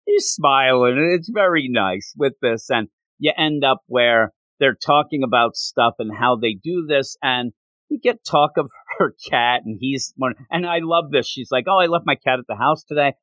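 A man co-hosting a casual podcast, recapping a show in an animated, rambling way with frequent chuckles. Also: medium pitch, a little slow, dry recording. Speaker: podcast co-host.

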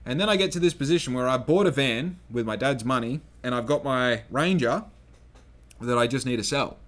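A young Australian man hosting a solo podcast, telling a long story in a loose, swearing, animated way and acting out the people he quotes. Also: medium pitch, fairly quick. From Western Australia. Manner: swears freely, acts out quoted people, gets loud when excited. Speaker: podcast host.

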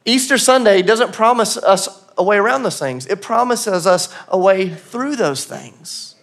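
High-voiced man preaching with earnest, chatty energy. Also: lively intonation, unhurried, vocal fry, fairly bright tone. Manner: conversational, earnest, laughs at himself. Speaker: pastor. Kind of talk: sermon. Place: church auditorium.

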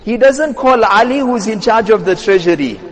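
High-voiced man preaching a lively sermon. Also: normal speed, big-room sound. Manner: animated retelling that acts out quoted speech; recites short Arabic passages. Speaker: Islamic scholar. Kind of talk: sermon storytelling.

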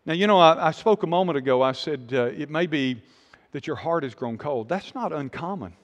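A man's voice: fairly high pitch, expressive, a little fast, big-room sound. A man preaching a sermon as a pastor, earnest and emphatic, often repeating phrases and restarting his sentences.

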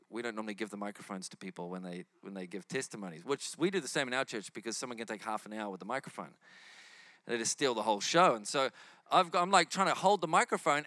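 A man with a New Zealand accent, preaching as a guest and telling testimony stories in a lively way. He acts out the dialogue in his stories. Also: medium pitch, dry recording. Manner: lively storyteller acting out quoted dialogue.

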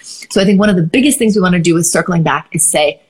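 A woman's voice: on the low side, fast talker, a little mellow, slightly rough. A woman co-hosting a parenting podcast, explaining ideas in a thoughtful, casual advice chat.

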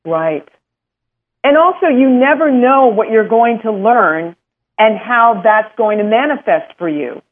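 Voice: mid-range voice, expressive, a little slow, phone-quality sound. A radio show co-host chatting casually and reacting with enthusiasm to a guest's stories. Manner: enthusiastic reactions, gasps and laughs. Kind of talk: casual chat.

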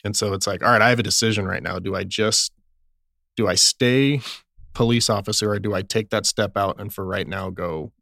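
A young adult man with a low, gravelly voice, speaking as a police officer guest on an interview. He tells work stories earnestly and acts out the dialogue. The sound is close and dry. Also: steady tone, brisk, pushed and bright, no echo. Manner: earnest, retells scenes with quoted dialogue. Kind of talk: conversational interview storytelling.

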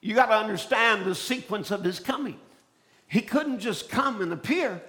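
A man preaching a fiery sermon, shouting his points, calling out to the congregation and often repeating and restarting phrases. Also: sits high, animated, moderate pace. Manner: preaching with shouted exclamations and call-and-response.

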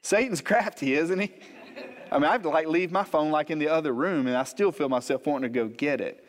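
A man, preaching as a pastor and telling a funny personal story, animated, acting out the quotes. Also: a little high, fairly quick. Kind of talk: storytelling sermon. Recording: long hall reverb.

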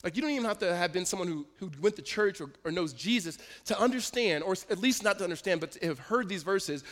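A male pastor telling a personal story in a sermon, in a lively storytelling manner with quick restarts. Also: high voice. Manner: storytelling, animated, self-interrupting with laughs. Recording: long hall reverb.

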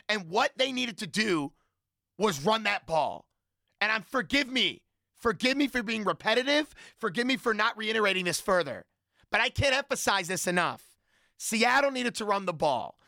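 Emphatic sports panelist, bright voice. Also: male voice, sits high, creaky, no room sound, clean studio sound. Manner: emphatic, repetitive, argumentative. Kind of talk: heated sports debate.

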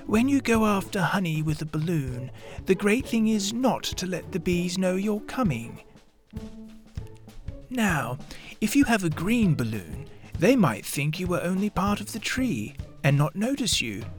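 Man voicing a gentle slow teddy bear, storybook, higher voice, lilting, thoughtful, earnest. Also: sing-song, faint music behind. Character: gentle simple-minded male teddy bear.

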